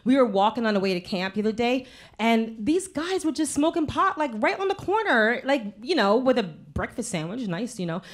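A woman in her thirties performs stand-up on a live stage, her voice sitting a little high. She talks mouthy and animated, breaking off her stories to throw asides at the crowd. She also hosts the show. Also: a little fast. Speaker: stand-up comedian and show host. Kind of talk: stand-up comedy set. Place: live stage before an audience.

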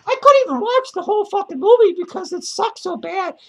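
Heavily acted and expressive, a man's very high-pitched, fairly bright voice moves at a brisk pace. His character, a lonely woman clown who critiques films, rants with annoyance and profanity and laughs between lines in this comic review.

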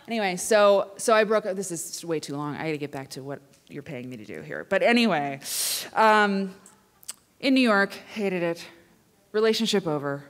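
Woman in her thirties, low-pitched voice, live comic storytelling, chatty, self-mocking. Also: brisk. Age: 30s. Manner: chatty, self-deprecating, animated asides. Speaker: writer and quilter performing for students.

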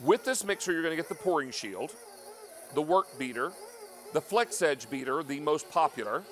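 A man hosting a live TV shopping show from a studio kitchen, chatty and emphatic as he pitches a product. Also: lively intonation, normal speed, a bit bright. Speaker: TV shopping host.

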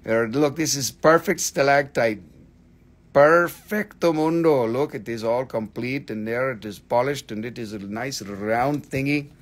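A man hosting a live sales stream, excitable and theatrical, swearing freely as he gushes over the goods. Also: mid-range voice, measured pace. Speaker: live-stream seller, host.

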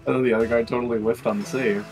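A man's voice: mid-range voice, fairly even intonation, racing, over music. A man bantering casually while playing a video game, laid-back and joking. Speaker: gamer and co-host. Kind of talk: casual gaming chat.

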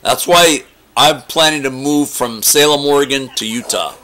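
A man making a prank call, rambling and joking in a deadpan way. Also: medium pitch, normal speed. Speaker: comedy prank caller.

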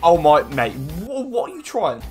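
Excitable young guy gaming, slangy, kinda high voice, faint music behind. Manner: excitable, slangy, quick to exclaim. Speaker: gaming YouTuber. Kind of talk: casual commentary over gameplay.

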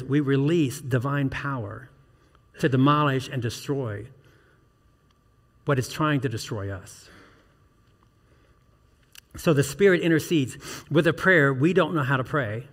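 A man delivers a sermon as pastor, in a middle-pitched voice that climbs to emphatic, urgent peaks. He puts pointed questions to the listeners. His voice trails into a long church reverb. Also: a little slow, pauses often. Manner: earnest preaching with rhetorical questions and rising emphatic peaks. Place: church sanctuary.

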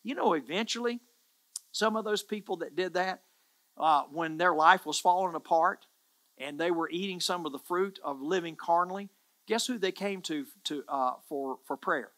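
Pastor preaching, earnest and emphatic, repeats stuff for stress, bright edgy voice. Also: medium pitch, normal speed. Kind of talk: sermon.

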